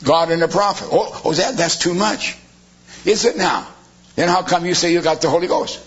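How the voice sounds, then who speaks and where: Man, preacher, sermon, rhetorical questions, husky voice, muffled lo-fi recording. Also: sits high, normal speed.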